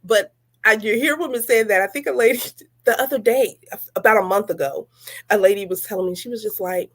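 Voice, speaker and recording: Chatty woman host, mid pitch. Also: fairly quick. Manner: chatty storyteller, laughs often. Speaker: podcast host. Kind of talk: casual chat.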